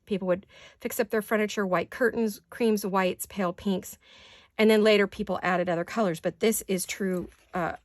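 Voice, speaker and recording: A woman's voice: mid-range voice, fairly even intonation, moderate pace, dry recording. A woman hosting a crafting video in her home studio, chatting casually and gushing over each page with repeated words of praise. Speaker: crafting channel host. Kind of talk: casual show-and-tell chat.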